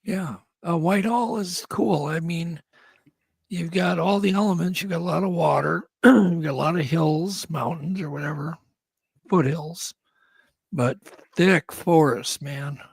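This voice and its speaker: A male host with a high, husky voice asks relaxed questions in a casual chat. His delivery is easy and conversational. The sound is dry and close. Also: unhurried, no room sound.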